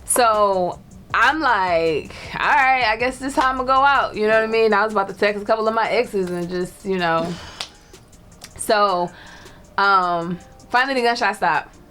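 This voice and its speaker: A woman tells a personal story in a relaxed, chatty way. She laughs often and acts out other people's lines as she goes. Faint music plays underneath. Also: medium pitch, normal speed. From Detroit. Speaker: storyteller guest. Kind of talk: casual storytelling.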